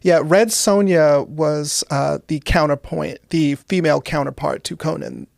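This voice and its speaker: A young woman, a guest comedian, chatting casually in an interview with deadpan dark humor and laughing at her own jokes. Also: deep voice, a little slow, gravelly, dry recording, studio quality.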